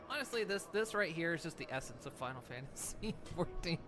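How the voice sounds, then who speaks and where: A man's voice: a little high, animated, normal speed, over music. A man streaming a game, joking, laughing often and chatting casually with his viewers. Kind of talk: casual gameplay chat.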